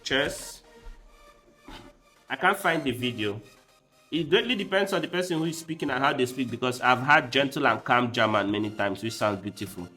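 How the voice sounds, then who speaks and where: A man talks loosely to his stream audience, drifting from one thought to the next as if chatting with friends. His voice sits at an ordinary pitch with a bright, forward edge. Quiet music plays behind him. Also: expressive, fairly quick. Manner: rambling, chatty, talks straight to his viewers. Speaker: chess streamer. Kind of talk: casual livestream chat. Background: faint background music.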